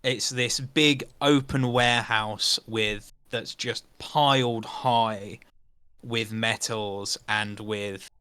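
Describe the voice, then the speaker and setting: A man narrating as game master of a tabletop role-playing game, in an unhurried way that pauses to search for words. His low voice is bright and smooth. The sound is dry and close. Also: fairly even intonation, no room sound.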